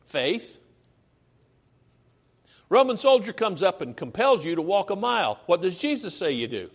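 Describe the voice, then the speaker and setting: A man preaching a sermon in a church, his voice pitched high and swooping up and down as he fires rhetorical questions at the congregation. He slips into whiny characters to make his point, and the long hall reverb rings after every phrase. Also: normal speed, pauses often. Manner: animated, rhetorical questions, acts out whiny complainers.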